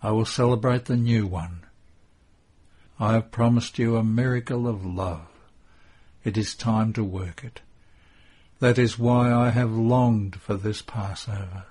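A man reading as Jesus, grave and tender, in a devotional audiobook. The voice is low and husky, and each line is spoken slowly and deliberately. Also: steady tone, a little mellow. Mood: tender, solemn. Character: solemn, tender adult male Jesus bidding farewell.

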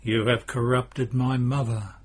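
A man voicing a calm male teacher who teases in a mock-stern way. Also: mid-range voice, a little slow, slightly rough. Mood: calm, teasing.

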